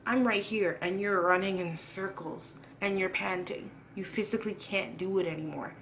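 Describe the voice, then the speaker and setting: A woman's voice: medium pitch, fairly even intonation, normal speed, few pauses, fairly bright tone, slight background noise. A young woman giving a casual sermon, earnest and preachy, repeating phrases for emphasis. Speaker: youth Christian vlogger preaching.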